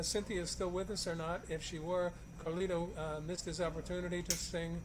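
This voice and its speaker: A man's voice: a little high, background noise. A man presenting a regular segment from a crowded cigar shop, folksy and chatty with many fillers. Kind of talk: casual joke-telling segment. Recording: busy shop background chatter. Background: crowd of customers.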